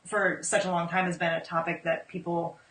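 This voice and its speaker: Low-voiced woman explaining calmly, heard from a distance in a roomy space. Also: a little fast. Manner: relaxed, informative, many ums. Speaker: postpartum care educator, guest. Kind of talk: casual interview. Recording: echoey room, distant mic.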